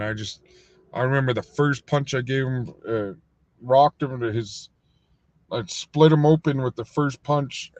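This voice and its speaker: A man casually telling a rambling, profane story on a livestream, full of fillers, sometimes acting out other people in a higher voice. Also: dry recording. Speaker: livestream host. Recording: dull, lo-fi dry sound.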